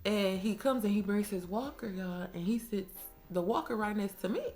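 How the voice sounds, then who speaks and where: A young woman telling a casual storytime on her own mic, animated and slangy, swearing freely and laughing often. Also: mid-range voice, normal speed, faint music behind. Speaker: storytime vlogger. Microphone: own microphone.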